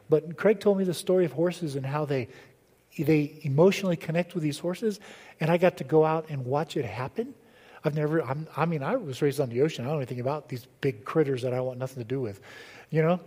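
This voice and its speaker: A man's voice: fairly high pitch, mellow, slightly rough, big-room sound. A male pastor preaching a sermon in a conversational way, asking the congregation questions as he goes.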